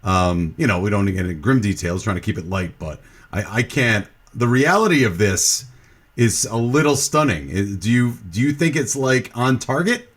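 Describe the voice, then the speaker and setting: A man's voice: on the low side, animated, normal speed, fairly bright tone. A man hosting a casual podcast movie review, talking in a rambling, hesitant way. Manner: rambling, hesitant, lots of fillers and restarts. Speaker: podcast host.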